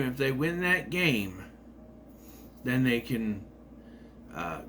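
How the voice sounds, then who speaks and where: A man's voice: medium pitch, a bit bright, a little hiss or hum. A man giving a casual, rambling movie review with sarcastic asides.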